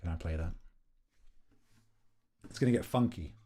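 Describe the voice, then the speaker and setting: A man's voice: low voice, normal speed, warm tone, husky. A young man chatting casually and rambling playfully on a live stream, very close to the microphone.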